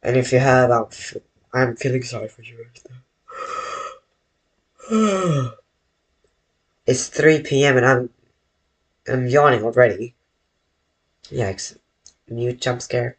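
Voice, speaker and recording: A man drawing on a live stream from his bedroom, rambling to his viewers and often correcting himself. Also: medium pitch. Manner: slow, rambling, self-correcting, talks to chat. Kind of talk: casual live-stream chat while drawing.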